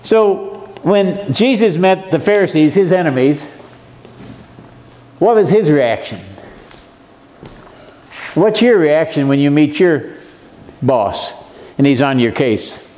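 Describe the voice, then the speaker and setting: A man's voice: fairly high pitch, lively intonation, takes it slowly, long pauses, a little mellow. A man, giving a folksy Bible lesson and joking with the audience. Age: 70s. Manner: joking, asks the audience questions. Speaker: seminar speaker.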